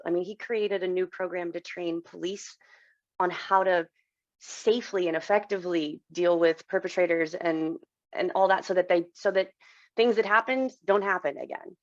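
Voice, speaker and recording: A woman in her thirties with a lowish, gravelly voice tells a personal story on a podcast. She speaks candidly and with feeling. The recording is dry and dull, with little room sound. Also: no echo. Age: 30s. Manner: candid, emotional, acts out quoted dialogue. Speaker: podcast guest, coach.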